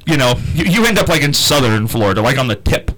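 A man's voice: medium pitch, very animated, fast talker, fairly bright tone, rough recording. A man hosting a radio show, teasing his co-host with dry sarcasm. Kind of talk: teasing on-air banter.

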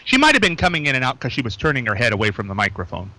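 Bright-voiced chatty radio host man. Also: medium pitch, huge pitch swings, poor audio. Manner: loose, chatty, joking, reads phone numbers slowly. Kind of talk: casual local radio chat. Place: small radio studio with co-host.

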